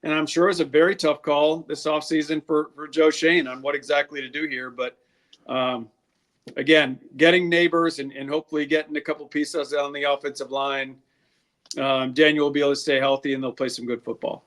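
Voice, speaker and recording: Male scout guest, candid and rambling, voice a touch high. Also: little pitch movement, fairly bright tone. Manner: candid, quick, lots of restarts. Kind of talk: casual interview talk.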